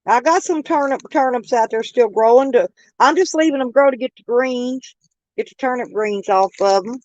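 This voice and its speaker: A woman with a voice on the high side and a darkish tone speaks at normal speed, casually chatting with her live stream viewers, laughing often and naming them. The phone recording is muffled, though without echo.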